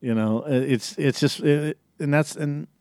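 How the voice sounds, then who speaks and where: A man's voice: a little high, a little slow, darkish tone, no echo, clean studio sound. Rambling, profane male podcast host. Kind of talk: casual podcast film review.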